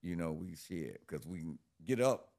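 A middle-aged man tells his story in a relaxed, profanity-laced street manner. His voice sits very low with a gravelly edge of fry. He talks casually to an interviewer. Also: normal speed. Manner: profane, laid-back street talk. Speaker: interview guest.

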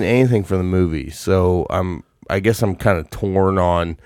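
Man, lowish voice, casual podcast chat, rambling, joking, dry close sound. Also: normal speed, few pauses, a little mellow, smooth, dry recording. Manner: joking, rambling, many restarts. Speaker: podcast co-host.

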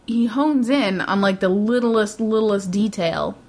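A woman's voice: mid-range voice, unhurried, darkish tone. A woman co-hosting a casual podcast, chatty and giggly, often trailing off mid-sentence. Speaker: podcast co-host. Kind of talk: casual chat.

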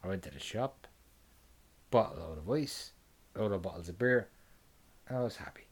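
A man's voice: low voice, animated, moderate pace, breathy edge. A man in casual chat, joking crudely and swearing freely as he swaps travel stories.

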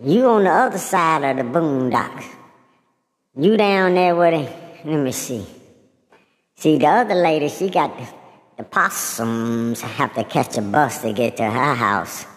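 A sassy little pet cat, acted out by a woman,, bragging and teasing in a low voice that swoops all over the place. It takes its time with every word. The sound rings with a long, echoey reverb. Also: expressive, a little slow. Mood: chatty. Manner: teasing, brags, sing-song repeats. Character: sassy boastful pet cat, small but fierce. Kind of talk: comic character monologue.

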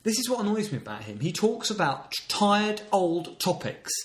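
A man's voice: high-pitched, sing-song, moderate pace, echoey room. A man co-hosting a casual comedy podcast, reading local news stories aloud with a sarcastic, exasperated tone. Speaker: podcast co-host.

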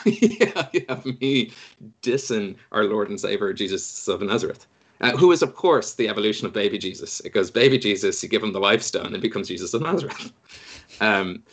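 A man hosting a casual podcast chat, jokey and quick to laugh. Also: fairly low pitch, lively intonation. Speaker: podcast host.

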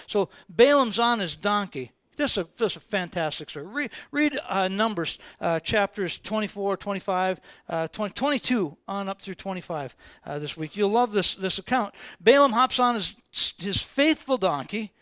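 Man telling a sermon story, high voice, lots of repetition, dry mic. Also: moderate pace, no room sound. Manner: animated, repetitive, colloquial storytelling. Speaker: preacher.

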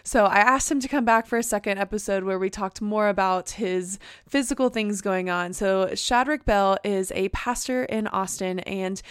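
Smooth-voiced woman podcast host. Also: medium pitch, normal speed, few pauses, dry recording, clean studio sound. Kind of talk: scripted narration introducing clips.

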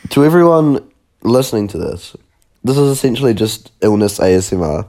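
A young New man co-hosts a podcast while sick, coughing with a sore throat. His voice is low and mellow, and he talks bluntly and casually, swearing as he goes. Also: very animated, a little fast. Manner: blunt, swearing, laid-back. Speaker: podcast co-host.

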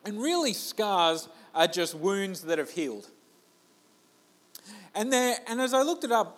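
A man preaching a sermon in a relaxed, conversational way, joking at his own expense and restarting his sentences. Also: sits high. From Australia. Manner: conversational, self-deprecating, with restarts. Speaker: pastor.

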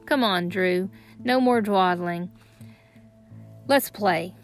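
A boastful, old-fashioned boy, put on by a woman reading an audiobook. He talks loud and scornful with quaint sayings, bossing his friend around. Faint music plays underneath. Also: medium pitch, takes it slowly, close to an everyday voice. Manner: scornful, old-timey turns of phrase. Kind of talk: audiobook narration.

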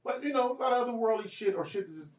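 A man's voice: extremely high pitch, animated, racing, distant mic. A man hosts a podcast in loose, rambling conversation, circling back with restarts and fillers. His voice is set back from the microphone in an echoey room. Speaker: podcast host. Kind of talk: casual chat.

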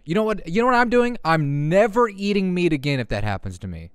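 A man's voice: high-pitched, fast, clean tone, dry recording, clean studio sound. A young man hosting a podcast, ranting casually with lots of swearing. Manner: profane, animated ranting. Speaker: podcast host.

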